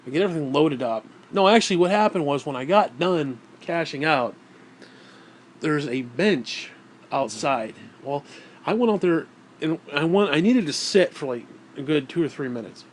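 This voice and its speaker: A man's voice: on the high side, expressive, moderate pace, a little hiss or hum. A man vlogging, telling a story in a casual, rambling way, swearing often and sounding exasperated.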